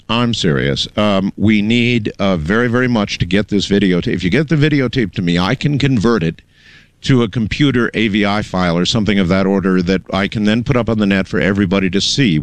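A man hosting a late-night call-in radio show, with a somewhat low voice. He cuts in often, firm and businesslike, steering the caller through the details. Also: a little fast, no room sound. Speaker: radio talk show host.

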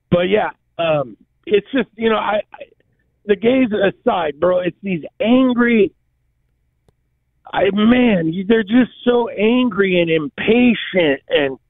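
Gabby high-voiced man on a tinny phone line. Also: no room sound. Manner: rambling, halting, slangy with many restarts. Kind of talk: casual chat.

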